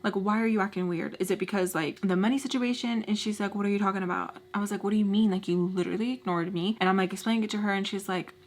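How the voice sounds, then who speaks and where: Woman, 30s, vlogger, chatty storytime voice, mid pitch, talks to the camera at home. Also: rapid-fire, hardly any pauses. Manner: chatty, animated, heavy use of "like". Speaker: beauty vlogger. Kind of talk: storytime while doing makeup.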